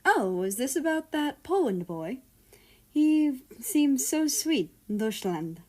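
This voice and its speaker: A woman's voice: high voice, sing-song, slow, a little mellow, voice pushed up, exaggerated voice. A woman voicing a fussy, doting father who fusses over his grown son, speaking in a raised, fretful voice. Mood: fond. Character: fussy doting father, middle-aged man, motherly.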